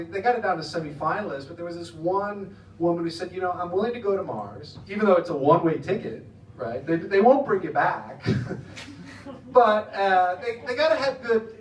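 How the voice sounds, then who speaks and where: An American man doing a rambling, chatty stand-up comedy set, often laughing at his own jokes. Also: sits high. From United States. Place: comedy club stage in the Netherlands. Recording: echoey room from some distance, faint noise.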